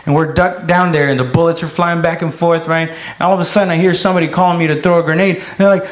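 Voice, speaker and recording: High-voiced man doing stand-up in an echoey room. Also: a little fast. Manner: profane storytelling, loud impressions of shouting. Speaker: stand-up comedian. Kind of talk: stand-up routine. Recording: echoey room with loud noise.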